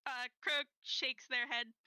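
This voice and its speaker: Woman game master, high, very bright voice, gentle unhurried narration, dry close mic. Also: fairly even intonation, smooth, dry recording, rough recording.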